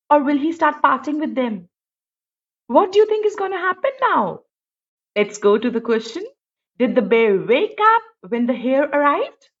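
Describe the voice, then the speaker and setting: A woman teacher reads a storybook aloud in a sing-song voice. Her pitch is high and swoops widely, and she takes her time. The recording sounds dull and lo-fi. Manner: expressive, sing-song, asks many questions. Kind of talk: storybook read-aloud lesson.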